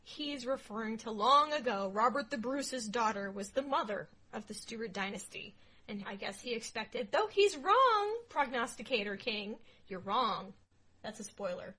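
A woman co-hosting a casual history podcast, telling the story playfully with jokes and loud asides. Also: on the high side, lively intonation, normal speed, slightly rough, rough recording. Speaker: podcast co-host.

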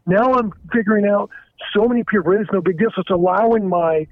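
Guy calling in on the phone, kinda high voice, stammers a lot, tinny dry line. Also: no echo. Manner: halting, stammers and restarts often. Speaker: caller. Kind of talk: candid confessional phone call. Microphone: telephone.

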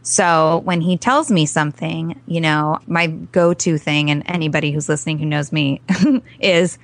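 A woman's voice: low-pitched, fairly even intonation, a little slow, creaky, dry recording. A woman parent coach talking earnestly in a podcast interview, telling stories with acted-out quotes.

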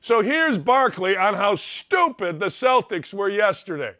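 Man, sports talk host, blunt ranting, high bright voice. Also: sing-song, unhurried. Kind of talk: opinionated sports talk monologue.

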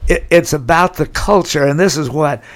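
An older man from California, his voice a bit high and his speed normal, is a guest in a storytelling interview. He rambles through long anecdotes, chuckling as he goes.

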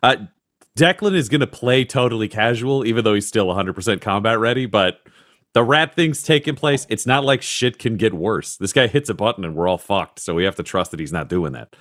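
A man's voice: fairly low pitch, animated, brisk, fairly bright tone, no room sound. A male tabletop player who talks bluntly and casually and drops swear words. His voice is recorded dry, with no room sound.

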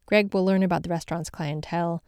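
Brief: female podcast host, mellow and warm tone, polished scripted narration, dry booth sound. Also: on the low side, fairly even intonation, quick pace, clear, resonant tone, no echo.

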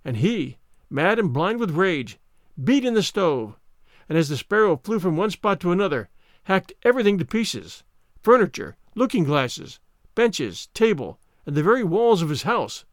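Man reading fairy tales, lively and dry. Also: sits high, no echo. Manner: measured, expressive storytelling. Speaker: storyteller.

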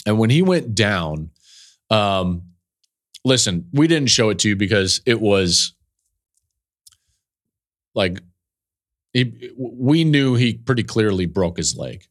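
A man with a somewhat low voice tells a story from the broadcast booth on his podcast. He speaks earnestly, building intensity as he goes, and his voice catches with feeling. He sounds middle-aged, recorded on a studio mic. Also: takes it slowly, long pauses. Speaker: college football analyst and podcast host.

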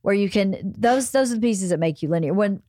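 A middle-aged woman hosting a casual family chat, giving calm, gently lecturing advice. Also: mid-range voice, brisk, no echo, studio quality. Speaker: podcast host and mother.

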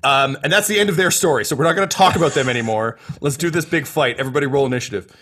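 A man's voice: medium pitch, very fast, fairly bright tone. A man narrating as game master of a tabletop role-playing game, rambling with many fillers.

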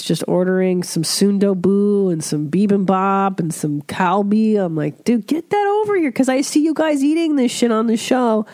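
A woman's voice: lowish voice, warm tone, no echo, clean studio sound. A woman hosting her own podcast, congested from a cold, chatting casually and swearing freely, slipping into voices when she quotes people. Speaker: podcast host. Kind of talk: casual chat.

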